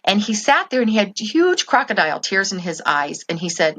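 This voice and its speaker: A woman's voice: medium pitch, very animated, a little fast, a bit bright. A middle-aged woman telling her story as an interview guest, earnest and heartfelt, with frequent ums. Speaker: guest, parent advocate.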